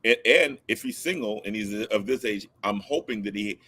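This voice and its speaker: A man co-hosting a casual chat, excitable and teasing. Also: fairly low pitch, normal speed, slightly rough. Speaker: co-host.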